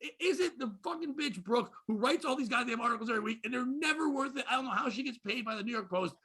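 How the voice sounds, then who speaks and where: A man hosting a comedy podcast, ranting profanely and swinging from low muttering to loud outbursts. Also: expressive, quick pace, breathy edge. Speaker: podcast host. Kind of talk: casual comedy podcast rant.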